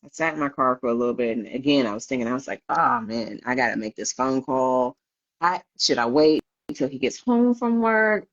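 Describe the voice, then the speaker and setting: Her voice is very deep and her delivery a little fast. As a guest on a podcast, she shares her personal story candidly, laughing often and performing the voices of other people, all captured on slightly dull lo-fi audio.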